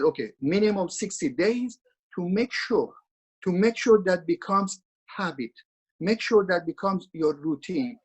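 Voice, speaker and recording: A man's voice: a little high, breathy edge, poor audio. A man speaking as a webinar presenter over a video call, instructing in an earnest, repetitive way with frequent restarts.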